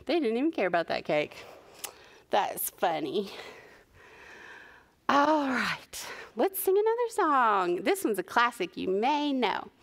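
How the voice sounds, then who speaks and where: Slow, animated woman reading to preschoolers. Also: medium pitch. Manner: animated, warm sing-song for young children. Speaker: children's librarian. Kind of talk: preschool story time reading.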